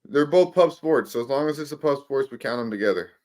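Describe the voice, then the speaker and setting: A man's voice: medium pitch, lively intonation, quick pace, darkish tone. A man co-hosting a live sports betting talk show, rambling and swearing through loose banter. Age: older. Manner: profane, laughing, rambling banter.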